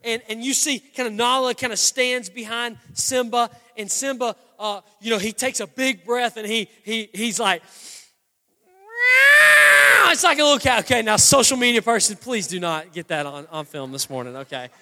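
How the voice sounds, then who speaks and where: A man in his thirties preaching a sermon, telling a story with animated energy that builds into passionate, loud preaching. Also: very high-pitched, brisk, hardly any pauses. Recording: long hall reverb with faint guitar.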